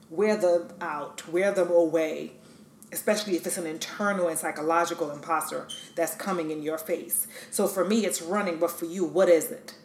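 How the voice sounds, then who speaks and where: A woman's voice: fairly low pitch, slight background noise. A woman hosting a podcast, speaking emphatically and encouragingly straight to the listener. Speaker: podcast host. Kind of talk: motivational talk. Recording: echoey room.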